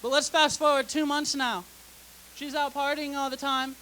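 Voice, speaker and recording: A woman's voice: high voice, level tone, moderate pace, pushed and bright, a little hiss or hum, rough recording. A young woman doing a stand-up comedy set on a theater stage, delivering sarcastic, dry punchlines into a stage mic. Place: theater stage before a live audience.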